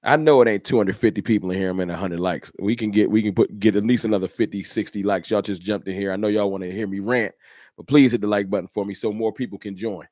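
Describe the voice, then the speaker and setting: A man's voice: fairly low pitch, fairly even intonation, fast, darkish tone, dry recording, studio quality. A man hosting a fan channel livestream, ranting in an emphatic, repetitive, slangy way. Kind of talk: livestream rant.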